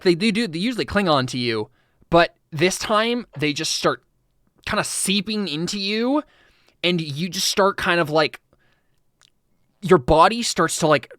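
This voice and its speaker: A man's voice: high voice, animated, unhurried, pauses often, fairly bright tone, no room sound, clean studio sound. A man narrating a tabletop game as game master, chatty and full of fillers. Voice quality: chatty, laughing, filler-heavy.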